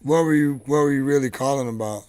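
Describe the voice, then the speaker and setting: A man hosting a casual live show, rambling along with lots of halting restarts. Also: mid-range voice, darkish tone. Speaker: show host. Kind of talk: casual live-stream chat.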